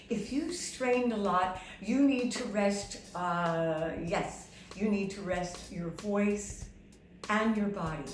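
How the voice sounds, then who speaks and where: A woman's voice: medium pitch, recorded from a distance, background noise. Chatty woman singing teacher, roomy sound. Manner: chatty and motherly, hums demonstrations. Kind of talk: vocal lesson to camera.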